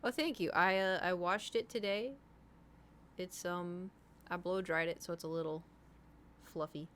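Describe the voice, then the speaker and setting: A woman's voice: lowish voice, fairly even intonation, unhurried, fairly bright tone, slight background noise. A young woman streaming, chatting casually with her viewers, rambling and self-deprecating, trailing off mid-thought.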